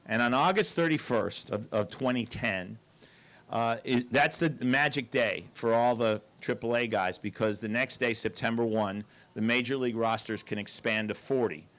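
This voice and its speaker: A man's voice: medium pitch, normal speed, a bit bright. An older man giving a storytelling talk to an audience, with dry asides and quoted lines.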